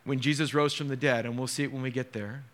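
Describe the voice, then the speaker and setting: A man preaching a sermon as a pastor, emotional and dramatic, dropping to hushed tones and rising again. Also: medium pitch, steady tone, quick pace.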